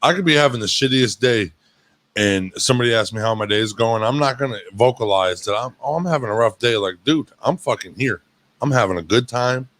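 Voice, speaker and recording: A man's voice: medium pitch, a little fast, fairly bright tone, dry recording. A man co-hosting a casual chat show, telling stories in a blunt, profane way. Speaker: podcast co-host.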